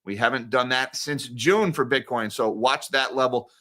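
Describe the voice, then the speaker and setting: A man's voice: mid-range voice, moderate pace. A man hosting a daily finance news show, running through market numbers in a casual, sarcastic, jokey way. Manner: sarcastic, animated, jokey asides.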